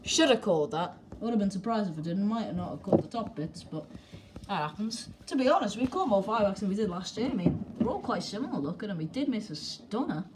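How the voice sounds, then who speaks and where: A woman's voice: medium pitch, sing-song, fast talker. Chatty young woman filming indoors. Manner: chatty, rambling, cheeky, many fillers. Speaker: channel host. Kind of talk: casual live commentary. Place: indoor living room by a window. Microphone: handheld camera. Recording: noisy home camera audio with clicks.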